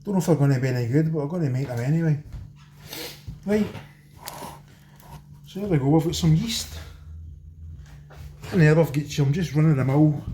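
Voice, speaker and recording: A Scottish man with a fairly high, mellow voice talks his viewers cheekily through a home cooking job. His kitchen gives a roomy echo, with a faint hiss of noise behind him. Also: moderate pace, pauses often. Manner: chatty, cheeky, talks straight to viewers as folks. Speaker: home cooking channel host. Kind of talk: casual cooking demo talk.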